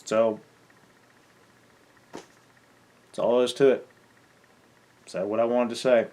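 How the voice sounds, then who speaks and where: A man's voice: mid-range voice, little pitch movement, slow, darkish tone. A gaming content creator venting in an angry farewell rant, swearing and stumbling over his words.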